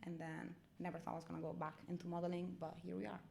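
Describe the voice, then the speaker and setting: A woman's voice: on the low side, fast talker, gravelly, a little hiss or hum. A young woman, a model, talking in a casual interview and acting out quoted dialogue. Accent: non-American foreign accent. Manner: animated, acts out quoted dialogue. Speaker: guest model.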